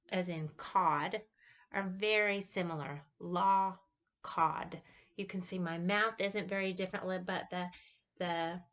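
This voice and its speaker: A woman presents a class topic to the camera in a slightly low voice. She speaks slowly and carefully, with frequent pauses and fillers as she explains each point. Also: fairly bright tone. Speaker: student presenter.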